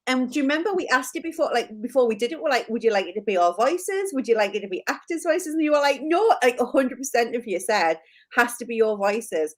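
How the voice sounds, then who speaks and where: A woman's voice: a little high, lively intonation, quick pace. A woman with a Newcastle Geordie accent telling stories in a chatty live chat, full of "like" and laughing at herself. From Newcastle, England. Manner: chatty storyteller, lots of "like" and self-deprecating laughs. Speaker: co-host.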